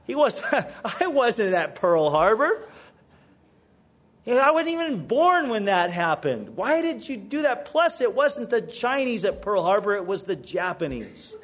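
A man's voice: big pitch swings, moderate pace, few pauses, slightly rough, exaggerated voice. A preacher playing a baffled man at a bar. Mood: baffled protest. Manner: protesting, higher and louder. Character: bewildered man punched at a bar.

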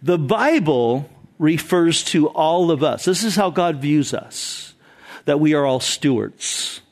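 Pastor, male, middle-aged, high-pitched voice, earnest storytelling sermon delivery. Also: animated, takes it slowly, darkish tone.

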